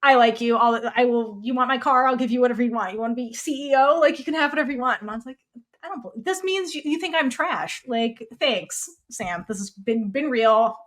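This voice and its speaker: Woman podcast cohost, highish voice, animated, swears a lot, acts out the lines. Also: fairly quick. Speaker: podcast co-host. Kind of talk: casual recap of a TV episode.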